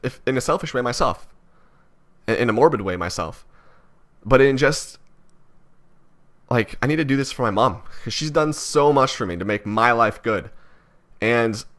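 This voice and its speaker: A man's voice: mid-range voice, expressive, moderate pace, long pauses, a bit bright. A young man from Canada talking through his thoughts in a personal vlog, rambling and self-critical with many restarts. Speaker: vlogger.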